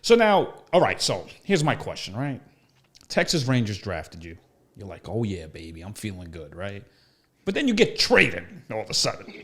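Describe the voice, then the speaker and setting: A man's voice: medium pitch, wildly swooping pitch, moderate pace. A man hosting an interview, asking questions in a hyped, playful way. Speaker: podcast host. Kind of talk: casual interview.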